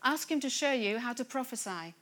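A woman preaching to her congregation with a slightly high voice. She speaks earnestly and swells into excited, fervent emphasis as she urges her listeners on. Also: a little fast. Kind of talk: sermon. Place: church gathering room.

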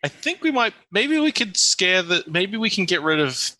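A man playing a tabletop game, planning out loud, hesitant and full of restarts. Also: high voice, very animated, normal speed, slight background noise, low-quality recording. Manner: hesitant, restarting and thinking aloud. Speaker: player. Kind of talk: casual tabletop game chat.

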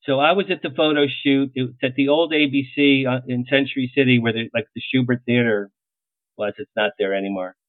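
A middle-aged man, a publicist, telling lively anecdotes in an interview and acting out the lines he quotes. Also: mid-range voice, fairly quick, no room sound. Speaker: publicist guest. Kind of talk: storytelling interview. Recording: tinny phone-like line, dry.

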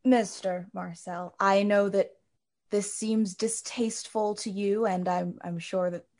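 A woman's voice: mid-range voice, fairly even intonation, measured pace, a little mellow, natural voice. Woman playing a blunt noble magister. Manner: formal then blunt, impatient.

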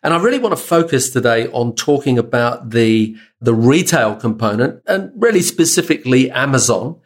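A man's voice: mid-range voice, animated, moderate pace. A man hosting a podcast interview, reading a scripted introduction and then chatting loosely with restarts. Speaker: podcast host.

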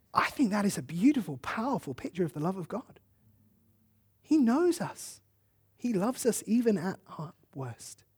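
Husky-voiced preacher telling a story. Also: mid-range voice, mellow. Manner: earnest, emotive storytelling with acted quotes. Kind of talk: sermon with storytelling.

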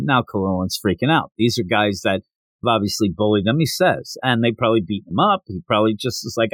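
Guy podcasting about a comic, lively, acts out lines, dry close mic. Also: lowish voice, fairly quick, dry recording. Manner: animated, acts out quotes. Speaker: podcast host. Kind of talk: casual comic recap.

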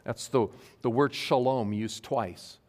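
A male pastor giving an earnest sermon to his congregation, stressing key phrases slowly. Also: medium pitch. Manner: earnest, emphatic preaching with slow stressed phrases. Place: church sanctuary. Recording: long hall reverb.

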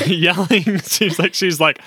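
A man's voice: sits high, slow pace, sharp tone, slight background noise. A man co-hosting a podcast, making wry jokes in casual chat. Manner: wry, joking. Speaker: podcast co-host.

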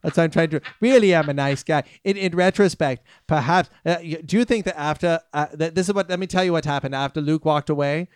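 A man's voice: a little high, quick pace, few pauses, clear, resonant tone. A man in casual, joking chat who stammers, repeats words and laughs often.

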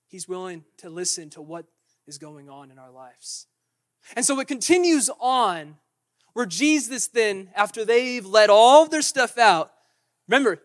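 High-voiced preacher, casual and lively. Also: male voice. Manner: conversational preaching with acted-out quotes and restarts. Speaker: pastor. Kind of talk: sermon.

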